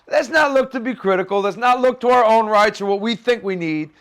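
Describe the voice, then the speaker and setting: High, quick-talking male pastor. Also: fairly bright tone, smooth. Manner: conversational, anecdotal, acts out the quoted voices. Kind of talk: storytelling sermon.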